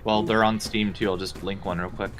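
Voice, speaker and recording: A man's voice: fairly low pitch, little pitch movement, fairly quick, soft background music. A man chatting in voice chat, matter-of-fact, chiming in with details. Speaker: friend in voice chat. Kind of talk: casual chat.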